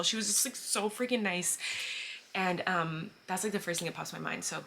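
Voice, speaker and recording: A woman's voice: lowish voice, a little fast, vocal fry, pushed and bright, a little hiss or hum. A woman vlogger telling a story in a casual, chatty way, full of "like" fillers.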